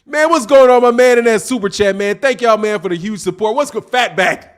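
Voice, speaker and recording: A man's voice: high voice, fairly quick. A man hosting a boxing livestream, chatting casually and reading out viewer comments in a loose, slangy way with frequent laughter. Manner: loose, slangy, laughs often, calls people dog.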